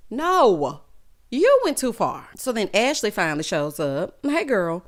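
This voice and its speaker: A woman's voice: fairly high pitch, a little slow. A woman recapping a reality show in casual, sassy commentary, acting out the cast's lines. She is just getting over being sick. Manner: sassy, animated, acts out quotes of cast members. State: recovering from illness. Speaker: recap vlogger.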